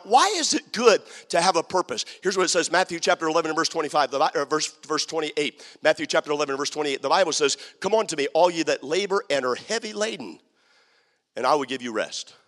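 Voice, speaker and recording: A man preaching a sermon as pastor, swinging from quiet talk to shouted preaching. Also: high voice, big-room sound. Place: church sanctuary.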